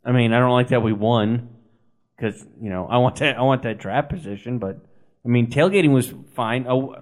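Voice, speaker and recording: A man's voice: mid-range voice, moderate pace. A man co-hosting a sports podcast, telling stories in a rambling way with dry humor and lots of fillers. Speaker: podcast co-host. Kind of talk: casual sports podcast chat.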